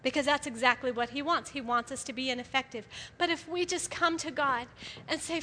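A middle-aged woman giving an animated sermon to a gathering of women, often laughing as she speaks. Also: high voice, normal speed, slight background noise. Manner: animated, laughs often, acts out quoted voices. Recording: live hall with long reverb.

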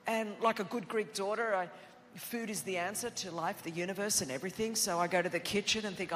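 An Australian woman preacher telling a personal story in a sermon, animated and self-mocking, acting out what people said. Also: mid-range voice, fast talker, in a large hall, a little hiss or hum.

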